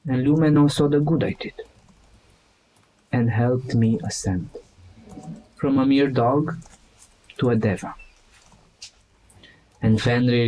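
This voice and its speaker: A man voicing the loyal spirit of a giant's hound, now a celestial being, speaking slowly and mournfully in a tabletop game. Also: mid-range voice, mellow, lightly acted, low-quality recording. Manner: slow, solemn, mournful.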